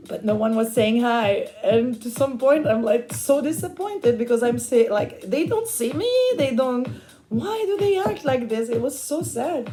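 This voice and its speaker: A woman's voice: high voice, lively intonation, a little fast. A woman in her forties from Switzerland, telling a rambling personal story while she paints. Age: 40s. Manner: rambling, chatty, with frequent fillers and restarts. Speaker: artist and vlogger. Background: background music.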